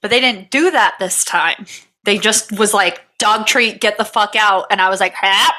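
Bright-voiced woman telling funny stories. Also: mid-range voice, normal speed, a little hiss or hum. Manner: laughing storyteller, swears freely, acts out quotes. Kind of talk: casual comedic chat.

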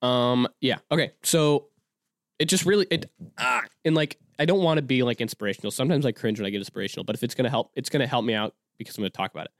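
Fast and mid-range, a man in his twenties rambles casually on his solo podcast, stumbling into restarts and fillers. There's no room sound, just clean studio audio.

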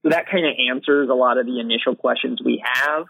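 A literary manager answering podcast interview questions in a casual way, full of "you know" and "like". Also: male voice, mid-range voice, fast talker, vocal fry, husky, no echo. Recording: dry, thin phone-line sound.

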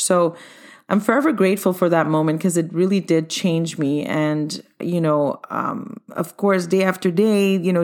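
A middle-aged woman who owns a dance studio, telling her own story in a chatty, upbeat way and speaking straight to her listeners. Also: on the low side. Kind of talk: personal storytelling monologue.

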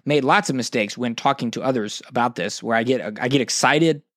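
A man's voice: medium pitch, a little fast, a bit bright, no room sound, studio quality. A man, hosting a podcast monologue in a passionate, preachy way, often restarting his sentences. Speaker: podcast host.

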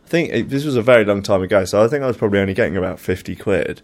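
A man's voice: lowish voice, very fast. A young man telling rambling anecdotes in casual chat, with plenty of fillers and laughter.

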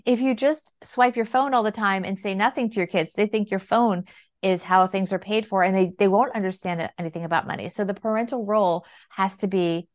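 A woman guest on a podcast, a financial planner telling parenting stories in a conversational, animated way and acting out the dialogue. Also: mid-range voice, a little fast. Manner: animated, acts out quoted dialogue. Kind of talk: conversational storytelling. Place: lives in New York City.

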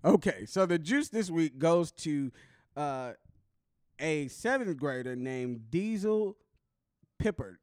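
A man's voice: on the high side, animated, slow pace, a little mellow, no room sound, studio quality. A man co-hosting a casual comedy podcast, talking in slang and laughing often in disbelief. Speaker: podcast co-host.

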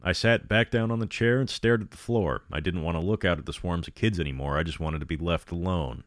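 Very deep-voiced man reading a horror story. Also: fairly quick, no room sound, clean studio sound. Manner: sardonic asides between reading. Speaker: story narrator.

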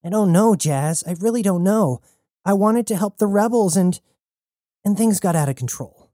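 A man's voice: fairly high pitch, expressive, dark tone, dry recording, clean studio sound, voice pushed up, lightly acted. A man voicing a nervous young male rebel who talks anxiously and in a rush. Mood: pleading. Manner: anxious, stammering, rushed.

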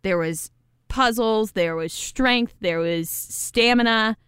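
Woman co-host, higher voice, very smooth clear tone, chatty and upbeat. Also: slow, fairly bright tone, no room sound, studio quality. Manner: giggly, chatty and enthusiastic. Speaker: podcast co-host. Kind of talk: casual recap chat.

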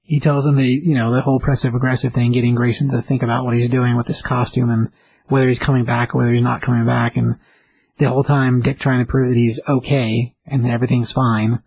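A man's voice: mid-range voice, level tone, fast, creaky, darkish tone, husky, no echo, poor audio. A man casually retelling a comic book story as a recap host, loose and chatty. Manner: loose and chatty, with many fillers and restarts.

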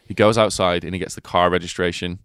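A man's voice: low-pitched, flat delivery, fast talker, a bit bright, smooth, dry recording, clean studio sound. A man in a casual film discussion, talking in a sweary, emphatic way and laughing easily as a podcast co-host.

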